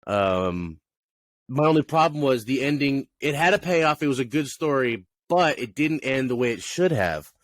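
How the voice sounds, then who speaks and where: Rambling, animated man on a podcast. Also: mid-range voice, moderate pace, no room sound. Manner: rambling, animated, laughs often, acts out quotes. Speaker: podcast co-host reviewing movies. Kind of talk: casual chat.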